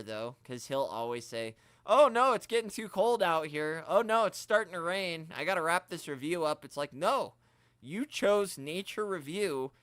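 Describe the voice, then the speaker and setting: A man hosting a casual toy-collecting livestream, chatting and ranting in a joking, animated way, quoting others in mock voices. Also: a little high, smooth, no echo. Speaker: toy collecting channel host.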